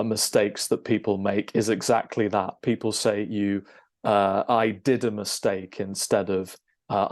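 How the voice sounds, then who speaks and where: A man, an English teacher, explaining a lesson over a shared screen, checking in with "okay?" and filling pauses with "um". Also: on the low side, a little mellow. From United Kingdom. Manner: explanatory, frequent "okay?" check-ins and "um" fillers.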